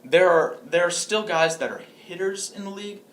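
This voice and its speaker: A man's voice: sits high, a little fast, fairly bright tone. A young man co-hosting a casual podcast, rambling with restarts and frequent laughs. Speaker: podcast co-host.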